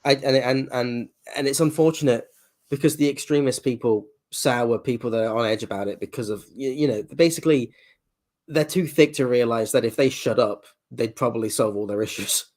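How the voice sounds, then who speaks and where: Fast-talking man in casual chat. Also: mid-range voice. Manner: animated, swearing, acts out quoted voices. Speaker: nurse.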